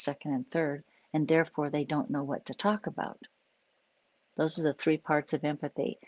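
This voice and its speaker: A woman's voice: sits low, no echo, poor audio. A woman psychologist hosting a live stream, giving an unscripted, conversational talk and acting out little examples as she explains.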